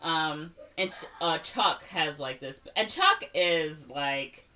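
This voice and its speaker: A woman's voice: deep voice, takes it slowly, far from the mic. A young woman on a podcast casually retelling a movie, rambling with lots of fillers and little put-on voices for the characters. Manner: rambling, filler-heavy recap with animated quoted voices. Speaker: podcast co-host retelling a film. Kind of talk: casual chat.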